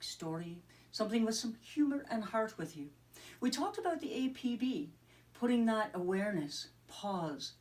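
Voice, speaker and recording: Woman, Scottish-sounding brogue, mindfulness coach, mid pitch, voice a bit distant from the mic. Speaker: wellness coach. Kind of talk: mindfulness tip to camera.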